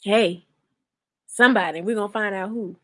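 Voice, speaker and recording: A young woman co-hosting a casual chat, telling blunt, animated stories full of slang. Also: medium pitch, moderate pace. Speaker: podcast co-host. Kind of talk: casual chat reacting to a reality show.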